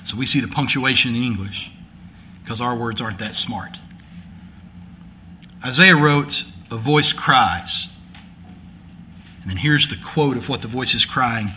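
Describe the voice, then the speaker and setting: Bright-voiced male pastor preaching. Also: mid-range voice, unhurried, long pauses. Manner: conversational teaching, rising to emphatic declaration. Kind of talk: sermon.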